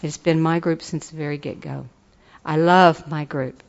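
A woman's voice: sits low, fairly even intonation, normal speed, creaky, muffled recording. An older woman giving an earnest, folksy personal testimony at a recovery meeting. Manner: earnest, folksy, turns enthusiastic and laughing.

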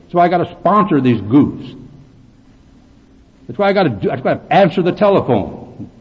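Gruff guy telling his sobriety story at a meeting, darkly funny, sounds like an old phone recording. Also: on the high side, sing-song, moderate pace, long reverb tail. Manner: blunt, gruff storytelling with dark humor. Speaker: AA speaker. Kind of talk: recovery meeting talk. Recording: tinny phone-like recording with faint hiss.

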